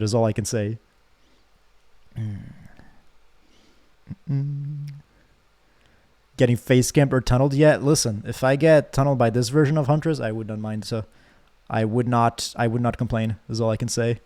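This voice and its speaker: A man's voice: mid-range voice, normal speed, long pauses, dark tone. A young man streaming a game, chatting casually with his viewers, joking and reading chat aloud.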